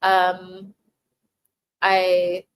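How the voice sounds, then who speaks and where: Speaking extremely slowly in a fairly low, monotone voice, a woman hosts a casual live Q&A, reading chat and warmly thanking viewers. She laughs often and restarts frequently, with many fillers. The rough recording carries a little hiss or hum.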